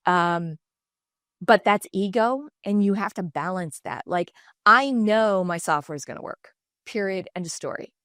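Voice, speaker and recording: A woman's voice: medium pitch, unhurried, dry recording. Middle-aged woman, podcast guest, candid storyteller, dry close sound. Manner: animated, acts out quoted dialogue in shifting voices. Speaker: podcast guest, designer and entrepreneur.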